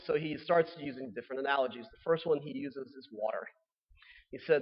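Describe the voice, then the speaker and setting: A young man, a newly ordained priest giving a relaxed, conversational homily with fillers and playful asides. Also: fairly high pitch, fairly quick, husky. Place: church. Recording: dull sound with long reverb in a church.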